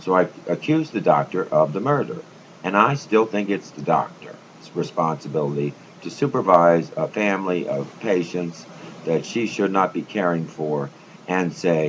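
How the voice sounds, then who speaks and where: A man's voice: low voice, lively intonation, normal speed, fairly bright tone. A man telling a rambling, stammering monologue, repeating himself as he goes. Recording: muffled lo-fi with faint room noise.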